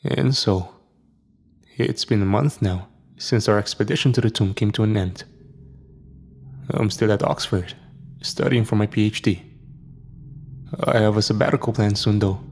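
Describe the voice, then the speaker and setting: A man narrating a scripted horror story in a dramatic, measured way. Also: fairly low pitch, creaky, slight background noise. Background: soft background music.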